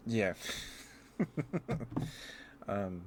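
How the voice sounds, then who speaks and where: A man streaming ASMR from home, chatting softly and giggling as he greets viewers by name, close to the mic. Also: sits low, steady tone, extremely slow, slight background noise. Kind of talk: soft-spoken ASMR live stream chat.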